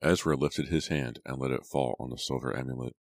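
Very deep-voiced man reading a story. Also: fairly even intonation, fairly quick, dry recording. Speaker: audiobook narrator. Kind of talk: scripted dramatic narration.

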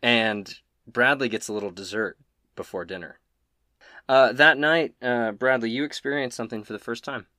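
A man narrating as game master in a relaxed, jokey storytelling way. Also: mid-range voice, moderate pace, dry recording, clean studio sound.

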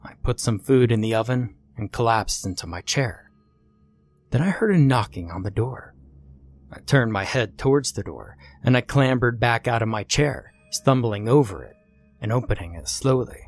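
Expressive man narrating a horror story. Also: lowish voice, normal speed. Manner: expressive, acts out the dialogue.

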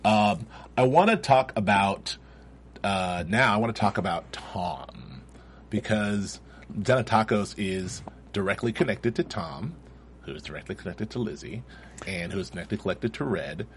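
A man's voice: lowish voice, lively intonation, normal speed, slight background noise. A man co-hosting a podcast, recapping scenes in casual chat. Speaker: podcast co-host. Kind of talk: casual chat about a TV show.

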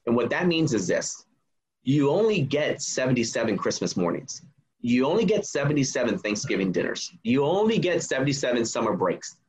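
Husky man in his forties, earnest. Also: mid-range voice, big pitch swings, a little fast. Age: 40s. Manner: earnest storytelling, emphatic. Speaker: guest, memoir author. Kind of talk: casual podcast conversation.

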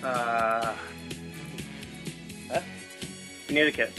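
A man's voice: mid-range voice, steady tone, very slow, music in the background. A man calling in to a radio quiz, sheepish and laughing things off. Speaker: quiz caller.

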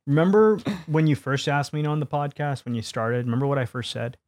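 A man's voice: medium pitch, a little fast, a little mellow, no room sound. Laid-back American man, dry close sound. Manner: playful, slips into put-on voices and accents, swears casually. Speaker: podcast guest. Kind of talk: casual chat.

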